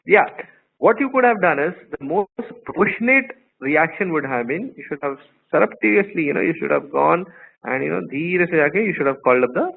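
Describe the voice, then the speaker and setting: A man's voice: fairly high pitch, expressive, normal speed, vocal fry, husky. A man teaching a law class online, telling playful stories and quizzing his students. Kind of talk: live online class lecture. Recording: tinny phone-like line, faint noise.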